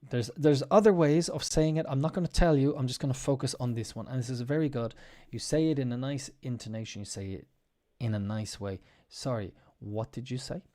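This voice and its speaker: A man with a mellow, warm, relaxed voice hosts a casual English lesson. He walks through everyday phrases patiently and repeats each example with marked intonation. His voice sits at an ordinary middle pitch. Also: brisk, few pauses. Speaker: English teacher; podcast host.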